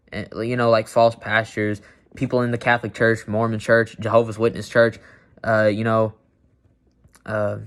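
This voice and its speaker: A man reading Bible verses aloud and commenting on them bluntly and emphatically, with many "you know" fillers. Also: fairly low pitch.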